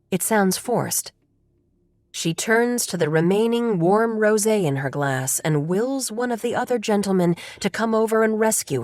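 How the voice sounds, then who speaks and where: A woman narrating a novel as an audiobook, telling the story in a steady, even manner. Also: on the low side, no echo, clean studio sound. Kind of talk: scripted narration.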